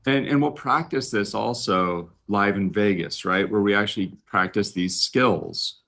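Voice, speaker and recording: Low-voiced male relationship coach. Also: a little slow, vocal fry, a bit bright. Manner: storytelling, often tags lines with "right?". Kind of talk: casual conversation. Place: live-streamed talk.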